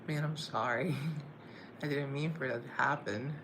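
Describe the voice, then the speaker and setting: A man's voice: mid-range voice, steady tone, a little slow, gravelly, background noise. A man chatting casually on a live stream, self-deprecating and playfully sarcastic.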